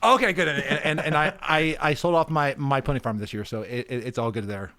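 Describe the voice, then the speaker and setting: A man hosting a podcast, chatting casually and chiming in with eager quick affirmations. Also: medium pitch, sharp tone. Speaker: podcast host.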